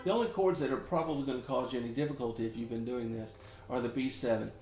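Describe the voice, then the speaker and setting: A man's voice: medium pitch, fast, over music. A middle-aged man from Memphis with a Southern US accent, rambling in a folksy, chatty way as he teaches ukulele at home, often chuckling. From Memphis, Tennessee. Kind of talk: casual chatty tutorial. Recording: roomy echo.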